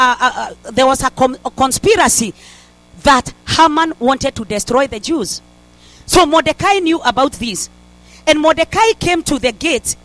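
A high-voiced woman preaching a fervent sermon. She exhorts her listeners, circles back to the same refrains, and often restarts her sentences mid-phrase. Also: a bit bright, poor audio. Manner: fervent, repeats "in the mighty name of Jesus", stumbles and restarts.

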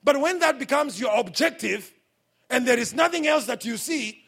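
A man with a Kenyan accent, preaching a sermon as pastor at a church service, swinging between hushed asides and shouted points. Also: very high voice, animated, moderate pace, creaky, breathy edge.

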